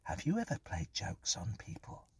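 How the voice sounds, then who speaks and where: The voice is a woman's, rumbling low and gravelly with huge pitch swings, a husky, exaggerated quality, and a moderate pace. It is a man voicing a sly, mocking dead young woman in a spoken ghost story, pitched well above his own voice. The mood is teasing and goading, the manner scornful and mischievous.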